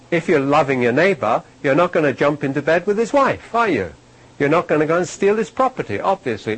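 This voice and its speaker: A man's voice: a little high, breathy edge, poor audio. A man giving a sermon-style Bible teaching to a live audience. He talks conversationally, asks his listeners questions, ends points with "okay?" and repeats key phrases for emphasis.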